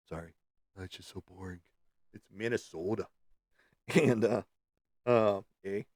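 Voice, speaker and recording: A man's voice: lowish voice, dry recording, studio quality. A middle-aged man from the United States chatting casually as a podcast host, rambling with many ums and uhs. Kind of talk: casual chat.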